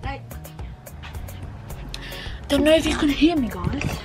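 A woman in her early 20s vlogs to camera, chatting casually in a playful, teasing, self-mocking way. Her voice sits high with lively intonation, she takes it slowly, and background music is clearly audible.

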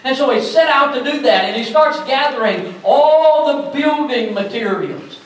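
A man pastor preaching a sermon in a church, building to loud emphatic bursts. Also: extremely high pitch, lively intonation, unhurried. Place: church sanctuary. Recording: very echoey church from far off.

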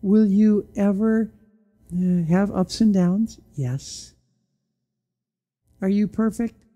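The audio is dull as a pastor preaches a sermon slowly in church, his voice mellow, warm and mid-pitched. He's animated, leaning on pointed rhetorical questions and sudden hushed, low drops for emphasis.

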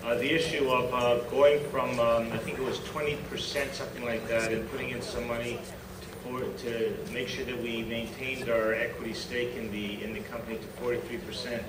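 Hesitant councillor in an echoey hall. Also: male voice, mid-range voice, little pitch movement, moderate pace, recorded from a distance. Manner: hesitant, with many fillers. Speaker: city councillor asking a question. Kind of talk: formal council question. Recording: echoey chamber audio from afar with hiss.

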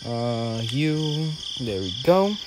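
A young man giving casual, excitable gameplay commentary, talking to himself in slang as he plays. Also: medium pitch, very slow, rough recording. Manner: excitable, talks to himself while playing, slangy. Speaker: gaming video creator. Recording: loud game music behind the voice.

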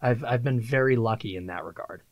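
A man, a voice-over artist and production engineer, telling lively anecdotes in a casual interview. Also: mid-range voice, brisk, dry recording, highs cut off. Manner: animated, laughing anecdotes, acts out quotes. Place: acoustically treated office.

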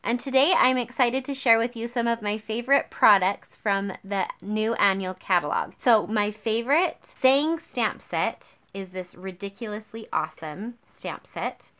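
A woman's voice: mid-range voice, a little slow, hardly any pauses, bright, forceful tone. An upbeat woman demonstrating card making in a tutorial, gushing over her favorite supplies. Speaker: craft demonstrator.

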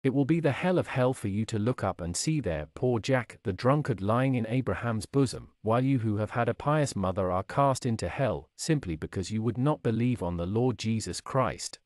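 A man's voice: fairly low pitch, animated, moderate pace, few pauses, darkish tone, no echo, clean studio sound. A man reading a sermon aloud in a solemn, declamatory way, with dramatic rises and falls. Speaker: preacher.

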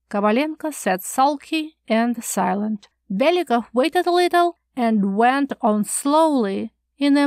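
A woman narrating an audiobook of a classic short story in a calm, measured storytelling manner. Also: a little high, no echo.

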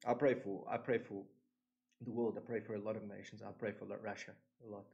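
A man's voice: lowish voice, level tone, vocal fry, darkish tone, dull audio. Earnest, emotional man. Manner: emotional, earnest and devout, with many "um" pauses. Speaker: reaction channel host. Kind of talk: casual reaction commentary. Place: new home studio.

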